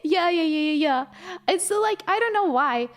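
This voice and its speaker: Lively high-voiced streamer woman. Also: moderate pace. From Ukraine. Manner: lively storyteller, reads chat aloud, laughs often. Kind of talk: casual live-stream chat.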